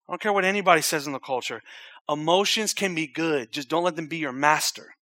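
A man's voice: on the high side, fast, no room sound. Impassioned male preacher, dry close voice. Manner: swings from loud urgent repetition to hushed near-whispered intimacy. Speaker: pastor. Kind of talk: sermon.

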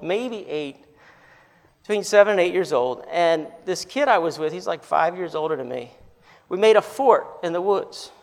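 Male pastor, high gravelly voice, animated sermon storyteller, reverberant sanctuary. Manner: animated storytelling, rising to emphatic peaks. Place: church sanctuary. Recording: reverberant hall.

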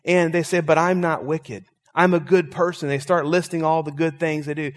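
A man's voice: on the high side, moderate pace, big-room sound. A man preaching a sermon as pastor, telling stories and making emphatic points to his congregation. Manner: storytelling, emphatic, animated preaching.

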